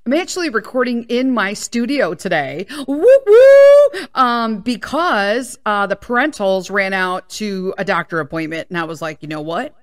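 A woman's voice: mid-range voice, animated, normal speed, hardly any pauses, fairly bright tone. Chatty, candid woman in her fifties. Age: 50s. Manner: candid and chatty, swears freely. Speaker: podcast host. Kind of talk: casual solo podcast chat. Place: small home studio. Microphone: studio microphone.

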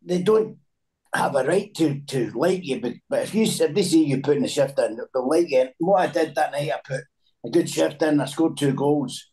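A man's voice: on the high side, normal speed, a little mellow, poor audio. A Scottish man in his sixties, a former footballer telling anecdotes in a casual chat, laughing often and repeating words. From Scotland.

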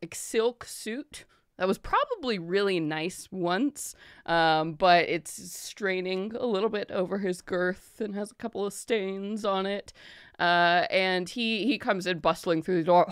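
A woman narrating as game master, relaxed and descriptive with many fillers. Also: on the low side, measured pace, clean tone, dry recording, clean studio sound.

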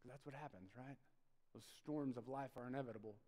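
A man preaches a lively, conversational sermon. His voice sits at an ordinary pitch, and he swings between sudden loud bursts and hushed asides. The sound carries a long reverb tail from a church sanctuary. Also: a little fast. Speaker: pastor.

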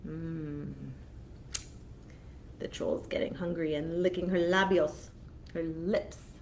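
A woman children's librarian reading a picture book aloud slowly and expressively, pausing to explain each foreign word. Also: low voice, fairly even intonation, a little mellow, slight background noise.

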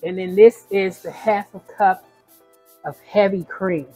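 A woman talks viewers through a recipe at her home stove, narrating each step in a chatty, casual way. Her voice is husky and a little breathy, with a middling pitch. Soft music plays faintly behind her. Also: steady tone, a little slow, low-quality recording. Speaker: home cook. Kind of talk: casual cooking demonstration.

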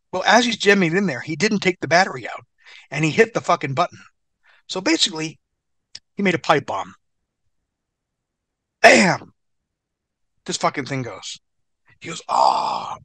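A middle-aged American man, a former wrestler, telling an animated, profane story as an interview guest. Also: a little high, no echo.

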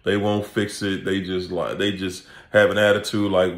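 Man, vlog host, laughing, animated storytelling, echoey indoor room. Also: low-pitched, moderate pace, few pauses. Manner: laughs often, animated, acts out quoted voices. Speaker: channel host and coach. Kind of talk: casual comedic vlog rant.

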